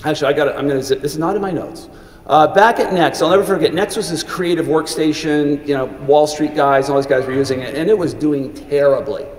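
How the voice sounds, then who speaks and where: This middle-aged man talks fast, his voice on the high side, as he delivers a commencement speech full of earnest stories and restarts. Emotion briefly catches in his throat. The large hall gives the recording an echoey, reverberant sound.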